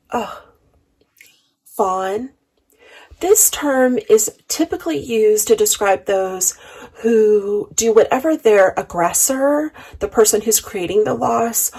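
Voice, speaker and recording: Slow, gravelly-voiced woman chaplain. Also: medium pitch, a little mellow, rough recording. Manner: measured, earnest, with emphatic repetition. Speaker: chaplain and reverend. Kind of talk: reflective talk on grief.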